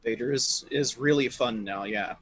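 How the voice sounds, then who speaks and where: A man's voice: medium pitch, normal speed, fairly bright tone, husky, no room sound. A man co-hosting a casual gaming stream, rambling through a chat with many fillers. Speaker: co-host.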